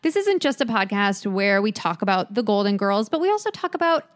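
A woman's voice: mid-range voice, big pitch swings, brisk. A woman co-hosting a podcast, chatting enthusiastically and sharing personal talk. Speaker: podcast host. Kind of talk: casual podcast chat.

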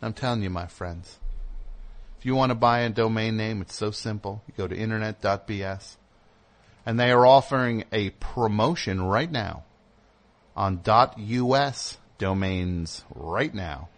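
A man's voice: lowish voice, unhurried. A man hosting a call-in radio show, reading an ad with a jokey, rambling, mock-earnest manner. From United States.

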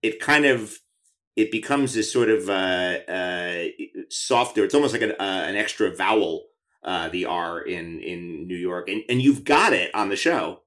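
Low-voiced male interviewer, chatty. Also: animated, a little slow, a bit bright. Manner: chatty, enthusiastic, many restarts. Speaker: podcast host. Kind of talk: conversational interview.

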